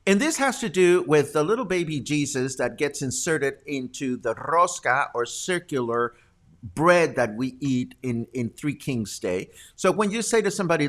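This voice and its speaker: A man hosting a live community show, playful and quick to break into loud laughter. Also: mid-range voice, animated. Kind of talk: lively live-stream chat.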